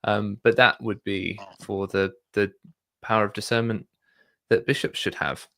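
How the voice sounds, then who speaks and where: A man hosting a casual discussion, talking in a thoughtful, measured way with frequent fillers. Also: fairly low pitch, fairly even intonation, gravelly, bright, forceful tone, no room sound, clean studio sound. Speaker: podcast host.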